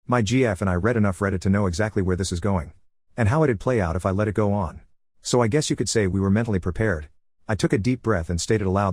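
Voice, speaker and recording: Male narrator for a scripted story, low voice, very quick pace, dry close recording. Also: a little mellow, breathy edge, no room sound.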